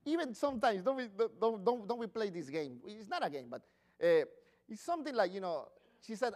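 Earnest high-voiced male preacher. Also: sing-song, fairly quick, a little mellow. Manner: earnest, conversational preaching with questions to the congregation; non-native English with grammar slips. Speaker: pastor. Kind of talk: sermon.

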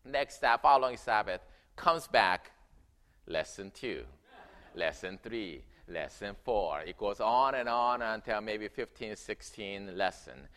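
Male pastor, sermon, animated storytelling, bright tone, loud bursts and soft asides. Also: lowish voice, slow pace. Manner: animated, swings between loud emphasis and quiet narration. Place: church sanctuary.

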